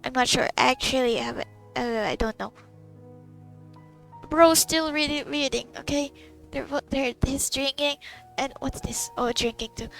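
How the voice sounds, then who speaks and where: A woman's voice: high voice, expressive, measured pace, creaky, fairly bright tone, soft background music, low-quality recording. A young woman, reacting to a game in a giddy, emotional way, stammering and laughing. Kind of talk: casual live reaction.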